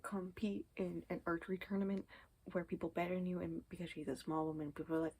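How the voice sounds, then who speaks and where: A woman's voice: on the low side, fairly even intonation, quick pace, dark tone, slightly rough, low-quality recording. A woman chatting casually in a reading vlog, rambling and often dropping to a whispered aside, with many ums and anyways. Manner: says 'um' and 'anyways' often. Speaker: book vlogger.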